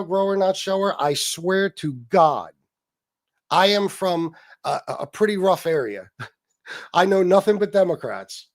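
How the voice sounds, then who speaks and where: A man hosting a political livestream, chatting casually and bluntly with plenty of swearing as he reads posts aloud and answers his chat. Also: high voice. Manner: blunt and profane, quick retorts to chat.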